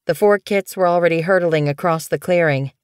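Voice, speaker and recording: Low-voiced woman reading an audiobook. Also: brisk, a little mellow, clear, resonant tone, no room sound, studio quality. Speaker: audiobook narrator. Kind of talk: scripted narration.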